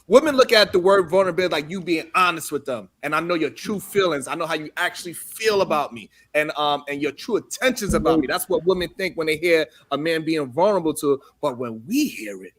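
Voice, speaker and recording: A man's voice: a little high, lively intonation, a little fast, few pauses, a bit bright. A man hosting a casual live-stream panel chat over a video call, playful and teasing, laughing often. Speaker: talk show host.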